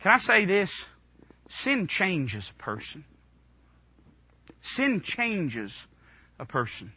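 Young male preacher in his twenties, impassioned sermon; slightly high voice, dull lo-fi church recording. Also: wildly swooping pitch, slow, husky. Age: 20s. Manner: impassioned, swings from hushed to shouting. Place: church room.

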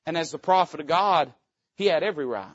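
A man's voice: a little high, fast talker, fairly bright tone, dry recording. Male preacher, folksy and joking, punchy emphatic rises, muffled lo-fi recording. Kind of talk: sermon.

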